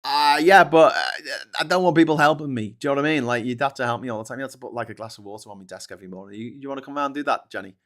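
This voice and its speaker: A man's voice: medium pitch, rapid-fire, fairly bright tone. Sweary rambling man. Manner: sweary, rambling, sarcastic, with many restarts. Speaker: host. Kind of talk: casual live-stream commentary.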